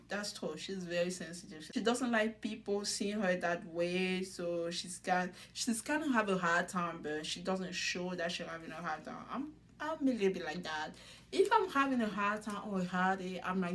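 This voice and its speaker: A woman's voice: medium pitch, normal speed, a bit bright. A young woman casually recapping a reality show, chatty, laughing often and acting out what people said. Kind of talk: casual commentary.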